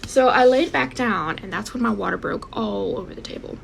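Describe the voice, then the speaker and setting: A young woman telling a personal story in a casual, animated way, speaking straight to her viewers and acting out what people said. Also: mid-range voice, brisk, vocal fry, slight background noise. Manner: animated, addresses viewers directly, acts out quotes.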